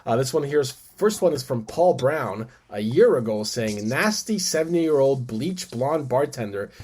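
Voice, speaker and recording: A man's voice: mid-range voice, expressive, unhurried, a little mellow, slightly rough. A man co-hosting a podcast, asking curious questions and reading listener mail in casual chat.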